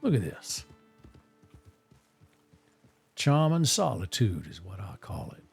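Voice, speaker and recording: A man's voice: fairly low pitch, big pitch swings, moderate pace, vocal fry, soft background music. A man streaming a western role-play game, chatting in a rambling, playful way and talking to his horse while staying in character. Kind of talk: casual chat while role-playing in a game.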